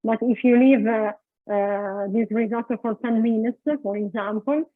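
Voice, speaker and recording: A woman with an Italian accent, a cooking instructor giving an online presentation from her home kitchen, explaining slowly with many pauses and fillers. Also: on the high side, steady tone, no echo. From Italy. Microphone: video call. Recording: dry, phone-like video call audio.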